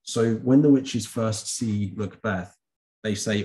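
A man with a low, mellow voice walks students through a revision lesson. He talks casually to the camera and often stops to correct himself or fill a pause with an um. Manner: chatty, with frequent ums and self-corrections. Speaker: teacher. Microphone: camera recording.

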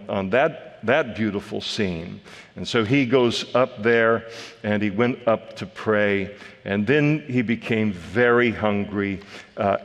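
Man preaching in a reverberant church hall. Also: lowish voice. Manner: conversational, frequent "uh" fillers and restarts. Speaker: pastor. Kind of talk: verse-by-verse sermon. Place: church sanctuary.

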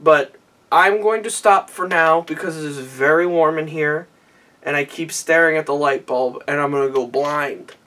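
A man's voice: a little high, normal speed, pushed and bright, distant mic. A tipsy young man rambling through a recap, stammering and restarting his sentences. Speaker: vlogger recapping an anime. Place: small warm room indoors.

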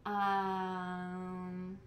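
A woman's voice: lowish voice, completely flat delivery, very slow. A young woman streamer chatting casually and rambling while she cooks, with the mic set away from her in a home kitchen. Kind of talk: casual chat. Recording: roomy echo, faint background hiss.

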